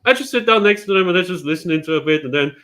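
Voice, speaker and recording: Male guest, crude jokester, bright animated delivery. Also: high-pitched, racing. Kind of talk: casual chat.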